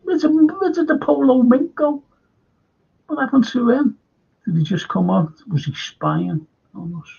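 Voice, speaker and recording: An older man with a Liverpool accent hosts a live fan stream, reading out comments and wandering through anecdotes. His voice is gravelly and husky. The sound is dull and lo-fi. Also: extremely high pitch, unhurried, darkish tone. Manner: rambling anecdotes with repeated restarts. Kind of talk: casual chat reading viewer comments.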